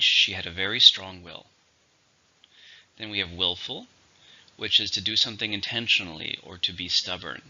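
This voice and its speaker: Man, English vocabulary teacher, very bright low voice, dull lo-fi sound, slow clear delivery. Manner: slow, clear, repeating each word for learners. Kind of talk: scripted vocabulary lesson.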